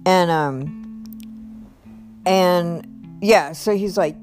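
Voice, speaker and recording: A woman's voice: very slow, pauses often, faint music behind. A middle-aged woman candidly recounting a personal story, quoting others with lots of "like" and "you know.". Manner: animated retelling, quoting others with rising pitch, fillers like "like" and "you know".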